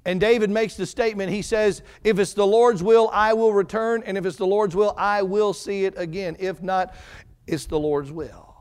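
A man preaching a sermon, dropping to hushed low passages and rising into fervent emphasis. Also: steady tone, moderate pace, clear, resonant tone.

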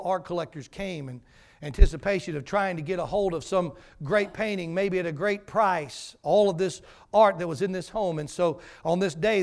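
A male pastor preaching a sermon in a church, telling a story dramatically and then leading a prayer. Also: high voice.

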